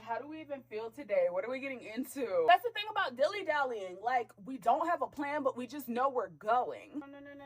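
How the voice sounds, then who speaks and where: A woman's voice: mid-range voice, heavy background noise. A woman vlogging her day in a chatty, playful way, laughing often and calling the viewer girl and baby. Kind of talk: casual lifestyle vlog.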